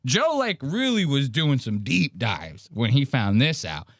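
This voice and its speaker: A man's voice: medium pitch, sing-song, unhurried, dry recording, studio quality. Profane mocking male podcast host. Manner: profane, mocking, mimics others mid-story. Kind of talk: crude comedic podcast commentary.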